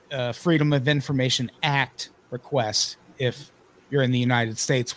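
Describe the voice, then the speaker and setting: A man hosting a casual comedy podcast, reading news with wry, deadpan asides. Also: mid-range voice. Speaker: podcast host.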